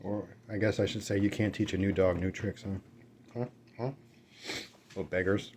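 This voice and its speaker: Deep and a little mellow, this man's voice stays flat at an ordinary pace, with a faint hiss or hum underneath. He's a mukbang vlogger eating and telling meandering stories at home near his dogs, correcting himself and using fillers as he goes.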